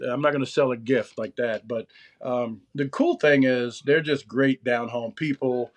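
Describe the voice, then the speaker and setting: A man's voice: medium pitch, fairly even intonation, unhurried. A man in his fifties, an interview guest, talking in a loose, rambling way with many restarts. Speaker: interview guest, former magazine writer. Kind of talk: casual interview chat.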